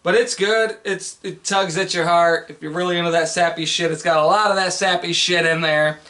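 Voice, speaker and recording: A man's voice: sits high, steady tone, moderate pace, pushed and bright, a little hiss or hum. A man co-hosting a casual movie podcast, blunt and swearing freely, a bit tipsy. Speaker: podcast co-host.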